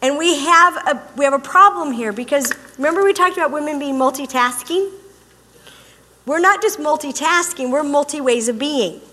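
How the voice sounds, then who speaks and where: Animated, emphatic female speaker with a high voice; talk in a large echoing hall. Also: normal speed. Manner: animated and emphatic, acting out quotes. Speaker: relationship speaker. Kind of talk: humorous talk to a live audience. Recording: long hall reverb.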